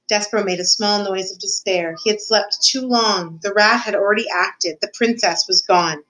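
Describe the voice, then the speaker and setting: A woman's voice: medium pitch, normal speed, hardly any pauses, fairly bright tone, low-quality recording. A woman reading a children's novel aloud, speaking directly to the listener and making the odd small slip. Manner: addresses the listener as reader, with small slips. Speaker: reader.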